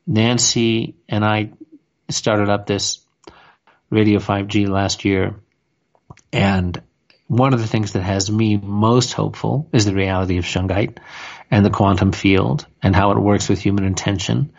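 A man's voice: fairly low pitch, gravelly, dull audio. A man co-hosting a radio talk show, speaking in a rambling, conversational way with many restarts. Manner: rambling, frequent restarts and filler phrases.

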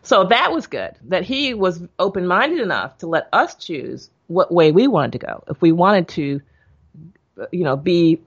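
A woman guest telling a family story in a casual, animated way, acting out her father's lines with laughs. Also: fairly low pitch, measured pace, slightly rough, highs cut off. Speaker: interview guest.

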